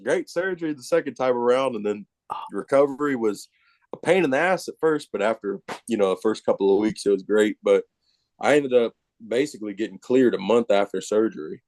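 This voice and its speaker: A man telling a personal story as a podcast guest, casual, animated and self-mocking, with plenty of profanity. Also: fairly low pitch, fairly quick, no echo.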